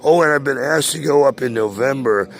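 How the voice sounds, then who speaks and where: A man's voice: medium pitch, fairly quick, gravelly. A man in his sixties ranting casually to a friend, profane and boastful, rambling with many hesitations. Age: 60s.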